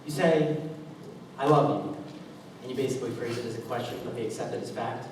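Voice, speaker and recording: A man's voice: mid-range voice, brisk, natural voice. A man playing a wistful rambling show fan. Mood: musing. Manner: musing, confiding, rising to exclamations. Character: wistful, rambling middle-aged male show-tune fan. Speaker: stage actor. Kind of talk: school stage musical acting. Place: school auditorium stage. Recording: echoey hall, distant mic, noisy.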